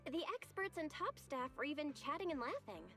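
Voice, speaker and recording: An actress voicing a young game heroine who speaks in a thoughtful, measured way. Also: female voice, high voice, expressive, bright, forceful tone, soft background music. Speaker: game character. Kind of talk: video game voice acting.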